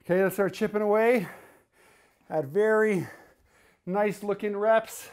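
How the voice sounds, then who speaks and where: A man's voice: sits high, fairly even intonation, a little slow, long pauses, a little mellow. A man leading a home workout as a fitness coach, giving coaching cues and counting reps while he does the exercises himself, getting out of breath during the sets.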